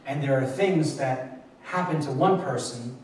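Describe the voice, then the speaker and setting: A man's voice: mid-range voice, unhurried, darkish tone, slight background noise. Male pastor, plain talking sermon style with restarts; recorded from afar in a very reverberant church room. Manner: conversational and repetitive, with frequent restarts. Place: church hall at a midweek Bible study. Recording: echoey church room, mic far off.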